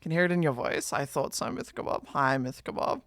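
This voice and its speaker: A woman's voice: sits low, big pitch swings, fast talker, vocal fry, a bit bright, no echo, clean studio sound. A young Australian woman streaming, chatting casually with a guest, playful and teasing with plenty of swearing. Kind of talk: casual chat.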